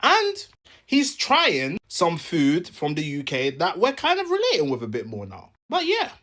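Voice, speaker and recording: A man telling a comic story in an animated, jokey way, acting out each side. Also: on the high side, a little slow. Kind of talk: comedic storytelling.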